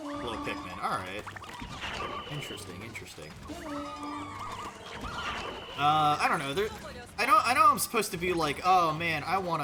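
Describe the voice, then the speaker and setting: Rambling male streamer, lively pitch. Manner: rambling, self-interrupting, swears casually. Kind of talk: casual gameplay commentary.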